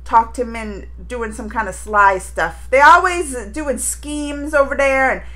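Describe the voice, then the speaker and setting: High-voiced chatty woman vlogger. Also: a little slow, a bit bright. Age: adult mother. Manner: rambling, emotional, chatty. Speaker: reaction video host. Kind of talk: casual reaction vlog chat.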